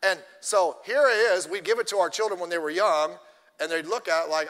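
A male pastor preaching a sermon, telling stories in an animated way and addressing the congregation directly. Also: high voice, a little fast, in a large hall.

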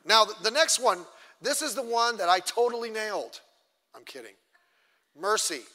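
A man's voice: sits high, animated, normal speed, sharp tone. A middle-aged man, a pastor, teaching a church class in a chatty, self-deprecating way and acting out little quotes. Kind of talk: conversational sermon teaching. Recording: long church hall reverb.

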